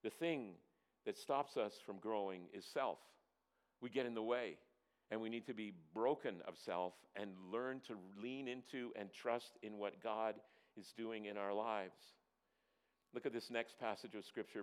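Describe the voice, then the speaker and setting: A man pastor preaching a sermon to his church, asking the congregation questions and slowing down to stress key phrases. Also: lowish voice, smooth. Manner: lively, asks the congregation questions.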